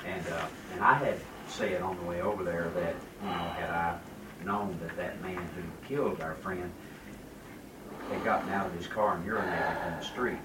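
A man's voice: sits low, steady tone, moderate pace. A middle-aged man in a Bible class sharing an earnest personal testimony. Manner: earnest, building in emotion. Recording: distant roomy recording with background noise.

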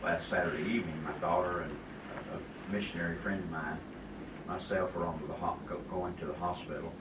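A man's voice: low-pitched, fairly even intonation, brisk. A middle-aged man in a Bible class sharing an earnest personal testimony. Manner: earnest, building in emotion. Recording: distant roomy recording with background noise.

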